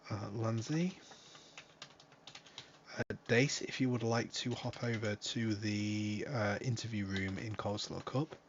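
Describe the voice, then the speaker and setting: A man's voice: lowish voice, steady tone, measured pace, dull audio, slight background noise. A man hosting a racing league stream in a casual, joking manner, swearing freely. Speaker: league host and commentator. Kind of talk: casual live-stream commentary.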